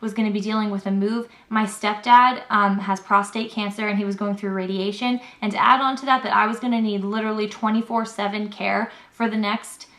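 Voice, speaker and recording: A young woman tells a personal story straight to the camera in a casual vlog style. She is chatty, acts out what others said and uses plenty of fillers, and her voice sits at a medium pitch. The recording has a noticeable room echo. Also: fairly even intonation, brisk, few pauses, a bit bright. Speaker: vlogger. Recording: echoey room.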